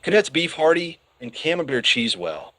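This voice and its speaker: A man's voice: fairly high pitch, big pitch swings, moderate pace, bright, forceful tone, no echo, pitched above the performer's own voice. A man voicing a huge, stern male weapons instructor who bellows orders. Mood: stern bellowing.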